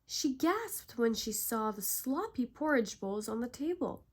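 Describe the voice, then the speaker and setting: Lady reading a bedtime story real slow, calm and soft, voice on the high side. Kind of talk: soothing bedtime story narration.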